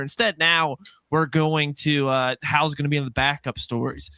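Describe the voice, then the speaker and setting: A man co-hosting a podcast, chatting quickly with mild exasperation. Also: a little high, bright, forceful tone, smooth, no echo. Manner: fast, chatty, slightly exasperated. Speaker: podcast co-host. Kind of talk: casual podcast chat.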